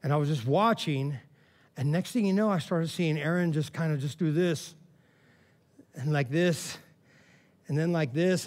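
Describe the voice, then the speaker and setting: A man preaching a sermon in a casual, animated storytelling way, often saying "man" and "all right", rising to loud, excited preaching. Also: a little high, unhurried, pauses often. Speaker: pastor.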